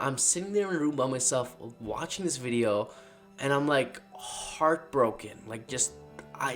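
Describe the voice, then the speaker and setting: A man retelling a personal setback in a loose, animated vlog voice, full of slang and dramatic turns. His pitch sits in the middle for a man. Faint music plays softly under his talk. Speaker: freelance marketing creator. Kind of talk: casual storytelling vlog.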